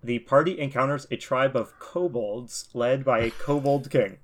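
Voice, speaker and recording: Man, mid-pitched, hosting a chatty podcast; wry quizmaster. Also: normal speed. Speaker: podcast host. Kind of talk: casual podcast chat, quizzing co-hosts.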